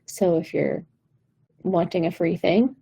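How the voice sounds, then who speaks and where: Encouraging woman vocal coach, husky. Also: on the low side, slow pace, low-quality recording. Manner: encouraging, warm-hearted, direct. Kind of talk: live-stream pep talk. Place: home live stream.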